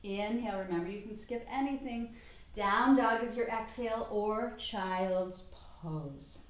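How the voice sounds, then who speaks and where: A middle-aged woman guiding a yoga class with calm, encouraging cues, a little out of breath at times. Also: medium pitch, a little slow. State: slightly out of breath. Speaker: yoga instructor. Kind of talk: guided yoga class instruction. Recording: very echoey room.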